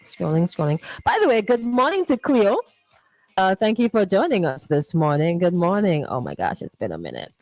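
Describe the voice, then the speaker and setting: A woman's voice: on the low side, very animated, moderate pace, a little mellow, no echo, soft background music. A woman hosting a morning radio show, playfully reading listener messages and teasing them. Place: radio studio.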